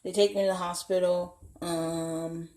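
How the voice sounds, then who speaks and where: A woman's voice: lowish voice, flat delivery, measured pace, warm tone. A young woman vlogging a candid personal story at home, blunt and profane, acting out the voices of people she quotes. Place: home, indoors. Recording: echoey room.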